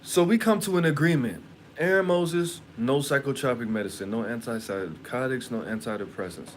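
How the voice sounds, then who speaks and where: A man's voice: mid-range voice, normal speed, a little hiss or hum. Blunt, rambling man telling a story. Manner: animated, profane, rambling and blunt. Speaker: livestream host. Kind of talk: casual storytelling to a live chat.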